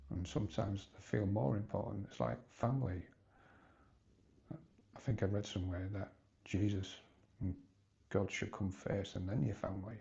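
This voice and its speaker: Low, gravelly man in his fifties, halting confessional vlogger, dull lo-fi sound. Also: fairly even intonation, mellow. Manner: hesitant, halting, rambling with restarts. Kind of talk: personal confessional vlog.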